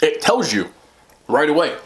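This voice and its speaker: A man's voice: fairly high pitch, big pitch swings, moderate pace. Guy chatting on his eating show, rambly, voice bouncing all over. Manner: rambling, full of "like" and "you know". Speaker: mukbang host. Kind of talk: casual chat while eating.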